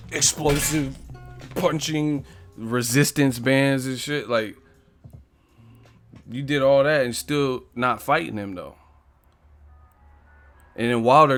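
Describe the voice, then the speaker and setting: A young man hosting a casual live boxing stream, talking loud and profane, laughing often and mocking what he talks about. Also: mid-range voice.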